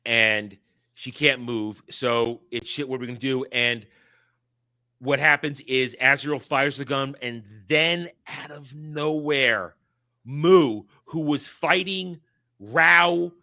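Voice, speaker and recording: A man casually and excitedly retelling anime scenes, acting out the characters' lines as he goes. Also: on the high side. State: choked up. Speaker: podcast host. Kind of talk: casual anime recap chat.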